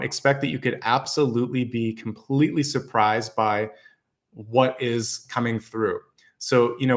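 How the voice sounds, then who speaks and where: A man with a mid-range voice gives a tarot reading to his viewers. He talks in a confident, encouraging and easygoing way, with the odd filler as he goes. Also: mid-range voice. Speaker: tarot reader.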